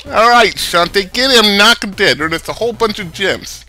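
A man's voice: high-pitched, animated, normal speed, sharp tone, soft background music, exaggerated voice. A man voicing a sleazy, brash male dance club boss who talks in a crude, pushy, leering way.

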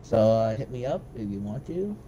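A man's voice: on the low side, big pitch swings, normal speed, warm tone, highs cut off, slight background noise. A young man joking around and giggling through casual gameplay chat. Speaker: gaming co-player.

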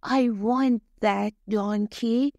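A woman's voice: fairly high pitch, steady tone, very slow, gravelly, darkish tone, no room sound, dull audio, exaggerated voice. A woman reading the lines of a greedy, jealous old man in a storybook, in close to her own voice. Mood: scheming.

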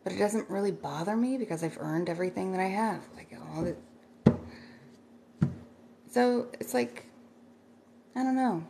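A woman's voice: mid-range voice, moderate pace, gravelly, long pauses, background noise. A middle-aged woman chatting casually on a livestream, rambling and thanking viewers by name as she reads their comments.

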